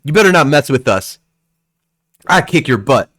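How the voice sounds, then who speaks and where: A man's voice: medium pitch, very animated, moderate pace, fairly bright tone, no room sound, clean studio sound, pitched above the performer's own voice. Man doing a cocky little boy. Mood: boastful. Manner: boastful, brash. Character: cocky young boy protecting his sister.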